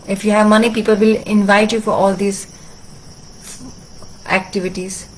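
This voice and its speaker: A woman translating a religious discourse, telling a sacred story earnestly with frequent halting restarts. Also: medium pitch, flat delivery, a little hiss or hum, rough recording. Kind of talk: sermon storytelling.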